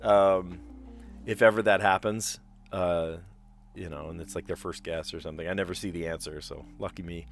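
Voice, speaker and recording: Low-voiced man chatting on a stream. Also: fairly even intonation, moderate pace, soft background music. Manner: chatty, rambling, explains word origins. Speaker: streamer playing word puzzles. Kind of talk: casual live-stream chat.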